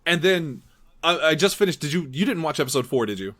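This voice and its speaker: A man's voice: on the high side, lively intonation, fast, a bit bright. Rambling man hosting a comedy podcast. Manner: rambling, stumbling over restarts, chuckling. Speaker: podcast host. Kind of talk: casual comedy chat.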